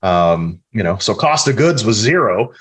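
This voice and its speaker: A man's voice: fairly low pitch, sing-song, measured pace, fairly bright tone, slightly rough. A middle-aged man from the American Midwest, earnestly telling stories from his life as a guest in a casual podcast interview. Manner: earnest, storytelling, reflective.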